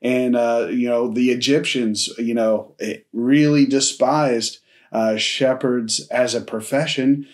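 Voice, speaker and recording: A man preaching a casual sermon, telling the story in a relaxed, conversational way and acting out bits of dialogue. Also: mid-range voice, slow pace. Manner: casual storytelling with friendly slang; acts out dialogue in his telling. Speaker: pastor.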